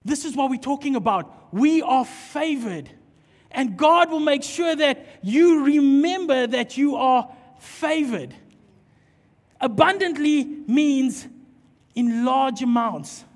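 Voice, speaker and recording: A man preaching a sermon and telling a story, acting out dialogue in an animated way. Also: very high voice, takes it slowly. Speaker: pastor. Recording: long hall reverb.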